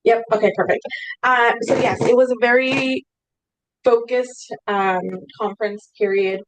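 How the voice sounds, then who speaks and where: A woman's voice: fairly high pitch, fairly even intonation, measured pace, background noise. A woman starting a presentation at a staff meeting, a bit hesitant with fillers. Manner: hesitant start with fillers, checking she is heard.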